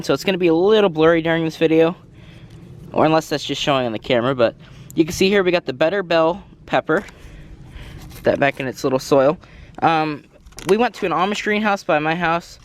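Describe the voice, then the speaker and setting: Breathless man giving a garden tour. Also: on the high side. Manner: rambling, self-correcting, apologetic asides. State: slightly out of breath. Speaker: gardening vlogger. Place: outdoors in a garden, cars passing.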